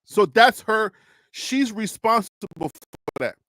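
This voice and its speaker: Man, high voice, dry close sound, chatty political talk host who laughs a lot and repeats himself. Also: expressive, measured pace, pushed and bright, no room sound. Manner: chatty, laughs often, repeats phrases while thinking. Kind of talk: casual political talk to a viewer.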